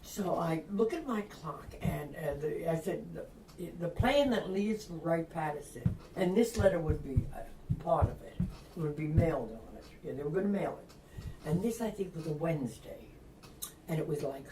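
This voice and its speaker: Older woman, from Long Island, lively storyteller, mimics other people, lower voice, roomy recording. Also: moderate pace, slight background noise. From Long Island, New York. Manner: lively, acts out quoted voices, laughs often. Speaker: interview guest, retired reporter. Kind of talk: anecdotal storytelling. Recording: roomy, distant mic.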